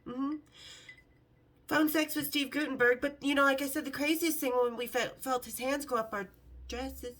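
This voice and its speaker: A woman's voice: high voice, fairly even intonation, moderate pace, a bit bright. A middle-aged woman hosting a vlog, telling brash, sarcastic stories in a casual, swearing way. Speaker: vlog host. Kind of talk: casual storytelling to camera.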